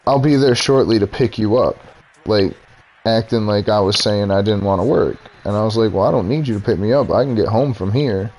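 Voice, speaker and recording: A man's voice: fairly low pitch, darkish tone. Profane young man ranting about work. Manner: profane, heated retelling with quoted dialogue. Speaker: streamer. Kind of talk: casual storytelling rant.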